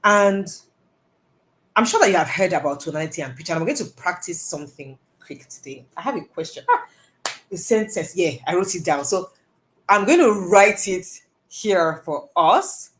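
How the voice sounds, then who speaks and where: A woman giving a casual online lesson on communication, chatty and animated, stressing words and breaking into asides. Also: moderate pace, a little hiss or hum. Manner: animated, lots of stressed words and rising pitch; chatty with self-asides and laughs. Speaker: communication coach.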